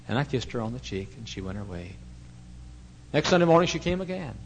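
Emotional preacher, low-voiced man. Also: sing-song, brisk, vocal fry, slight background noise, low-quality recording. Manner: emotional, swings from hushed to loud. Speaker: pastor. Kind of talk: sermon storytelling.

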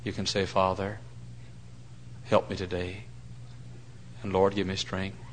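A middle-aged man preaching a sermon, telling folksy stories and swinging between loud mock-pompous lines and hushed asides. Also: deep voice, level tone, unhurried, a little hiss or hum, poor audio.

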